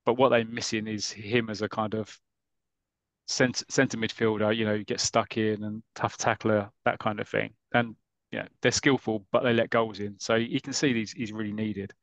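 A man's voice: lowish voice, moderate pace, dry recording, lo-fi sound. A man hosting a podcast, retelling a story in casual chat and acting out the characters' lines as he goes. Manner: lively storyteller who acts out characters' lines. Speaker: podcast host.

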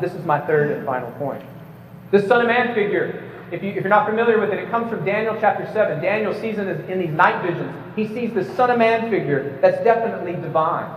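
A man's voice: sits high, a little hiss or hum. A man giving an emphatic prepared debate speech to a live audience, lecturing with occasional stumbles and light jokes. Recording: echoey hall, distant mic, slightly dull.

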